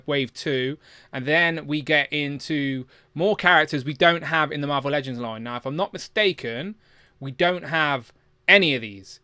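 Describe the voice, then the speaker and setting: A man's voice: a little high, sharp tone, clean tone, no room sound, studio quality. A man hosting a casual live chat about toys, reading viewer comments aloud. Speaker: livestream host.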